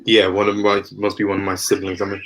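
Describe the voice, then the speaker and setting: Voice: low-pitched, completely flat delivery, a bit bright, a little hiss or hum. A podcast guest in casual conversation over a remote call, speaking reflectively and often murmuring agreement. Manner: slow, reflective, frequent affirming murmurs.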